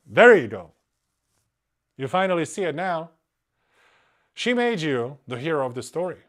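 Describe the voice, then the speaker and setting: A dating coach talking bluntly and crudely on a live stream while reading a story aloud. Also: male voice, a little high, big pitch swings, measured pace, long pauses. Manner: blunt, crude and mocking asides.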